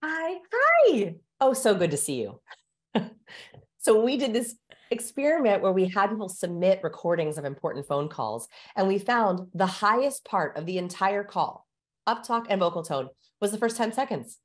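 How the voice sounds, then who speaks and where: A woman of medium pitch speaks expressively at a normal speed, appearing as a body-language guest expert on a podcast. In this instructive conversation she coaches, walking through ways of speaking and demonstrating vocal exercises.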